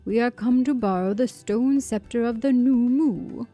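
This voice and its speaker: A woman's voice: a little high, unhurried, dark tone, soft background music. A woman reading the lines of a solemn, formal scholar who speaks in archaic language. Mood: earnest. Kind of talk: reading game dialogue aloud.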